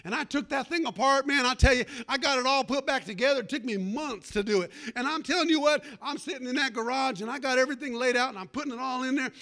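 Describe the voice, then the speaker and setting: A man's voice: very high-pitched, fast, few pauses, bright, forceful tone. A man preaching a sermon, calling out for amens and telling a folksy personal story with fervor.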